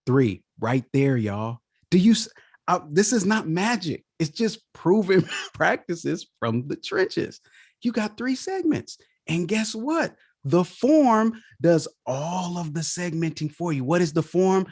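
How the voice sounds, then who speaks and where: An animated man lays out business automation like a live workshop. His pitch swings widely as he acts out what clients told him. The sound is dry and close, with no room around it. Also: takes it slowly, no echo. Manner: energetic, animated teaching, acts out client quotes. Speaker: automation expert guest. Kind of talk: live workshop-style webinar talk.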